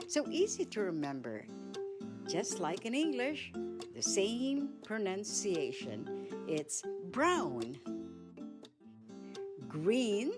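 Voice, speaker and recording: A woman with a Filipino accent presenting a basic language lesson, saying each word slowly and repeating it. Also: mid-range voice, wildly swooping pitch, over music. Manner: slow, careful, repeats each word twice. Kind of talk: slow scripted language lesson.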